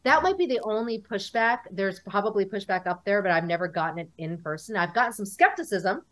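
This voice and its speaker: A woman's voice: medium pitch, a little fast. A woman, a guest in a casual interview, telling stories and acting out what people said to her. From United States. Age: 40s. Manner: animated storyteller, acts out dialogue.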